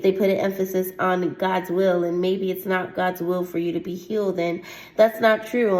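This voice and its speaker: A woman at a middle pitch preaches a heartfelt teaching sermon and reads scripture aloud. She punctuates her points with frequent "Amen"s and soft laughs. The room around her is echoey. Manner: earnest, repeats "Amen" often, laughs lightly. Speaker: host of a faith testimony show.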